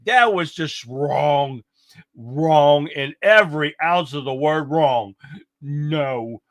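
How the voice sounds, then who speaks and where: A man's voice: fairly high pitch, slow, no echo. A man hosting a livestream, chatting in a folksy, exclaiming way as he reacts to clips and talks to viewers. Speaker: livestream host. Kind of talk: casual livestream commentary on clips.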